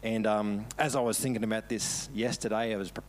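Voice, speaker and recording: A man's voice: on the low side, steady tone, a little fast. A man preaching a casual, storytelling sermon with self-deprecating humour, laughing often as he talks. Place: church service.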